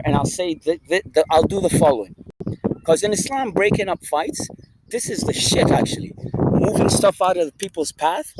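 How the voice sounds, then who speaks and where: Animated, foul-mouthed man rambling outdoors. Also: sits high, very noisy. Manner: swears constantly; rambling, preachy, emphatic. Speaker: vlogger. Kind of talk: rambling casual monologue. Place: outdoors in a park.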